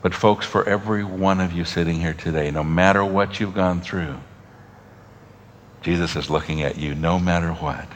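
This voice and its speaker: Male pastor, low voice, preaching style with big swings from emphatic to hushed, slight noise on the track. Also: steady tone. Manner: dynamic preaching, drops to soft near-whispers, long dramatic pauses. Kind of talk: sermon.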